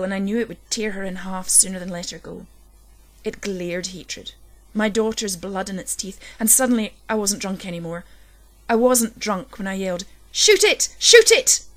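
Female narrator for a dark first-person horror story; low, intense delivery that builds. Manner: low, intense storytelling that swells at tense moments. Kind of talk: scripted horror story reading.

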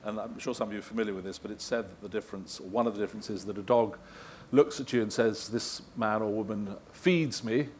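A man's voice: on the low side, steady tone, very fast, few pauses, a little mellow, a little hiss or hum. A middle-aged man telling anecdotes to a live audience, rambling and self-deprecating with frequent chuckles. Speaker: guest interviewer at a live event. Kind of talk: anecdotal talk answering audience questions.

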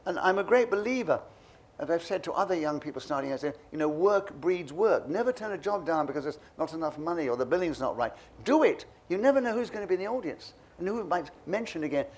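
A man's voice: a little high, fast. An older man being interviewed, telling anecdotes and acting out the voices of people in his stories. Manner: lively storyteller, acts out voices. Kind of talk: reminiscing anecdotes.

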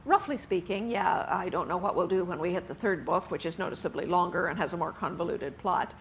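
Interviewed as a guest author on stage at a book festival before an audience, a woman talks fairly quickly in a lowish voice. Her chat is sprinkled with frequent laughs and "uh" fillers, over a little hiss or hum.

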